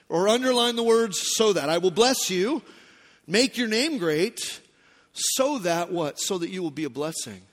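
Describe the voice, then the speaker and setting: High-pitched guy preaching, keeps repeating stuff for emphasis, big echoey church hall. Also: a bit bright. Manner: emphatic, repeats key phrases, asks the audience questions. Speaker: pastor. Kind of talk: sermon. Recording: long reverb from a hall.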